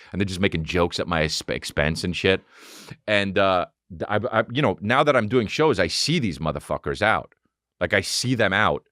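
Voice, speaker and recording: Guy in his 30s ranting a story on his podcast, lowish voice, swears a lot, does all the voices, dry close mic. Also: no room sound. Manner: profane, animated, acts out both sides of conversations. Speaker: podcast host. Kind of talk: casual comedic storytelling.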